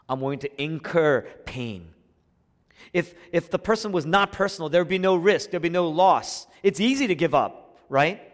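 A man preaching a sermon as a pastor, swinging between hushed, intimate lines and rising, emphatic passages. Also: medium pitch. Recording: long hall reverb.

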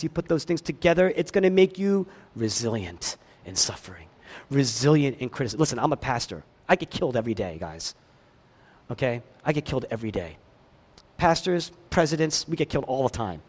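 A pastor preaching a sermon, swinging between loud emphatic lines and hushed ones, with chatty asides to the congregation. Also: male voice, medium pitch, expressive, a little fast.

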